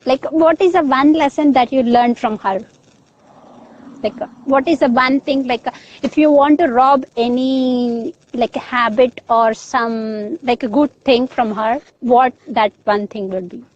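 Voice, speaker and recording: Female interviewer, higher pitch, upbeat with a filler-heavy delivery, dry and muffled sound. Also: unhurried, no room sound. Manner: upbeat, peppers speech with "like". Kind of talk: casual interview.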